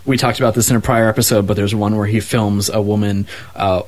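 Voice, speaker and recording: A man's voice: lowish voice, level tone, fairly quick. A man co-hosting a podcast, chatting casually about a movie with enthusiasm and lots of fillers. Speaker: podcast co-host. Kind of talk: casual movie review chat.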